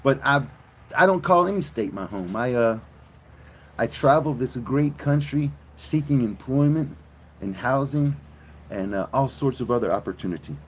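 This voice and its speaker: A man from South Mississippi with a Southern American accent, chatting excitably with viewers on a live stream and swearing freely. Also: mid-range voice, moderate pace, slight background noise. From South Mississippi, USA.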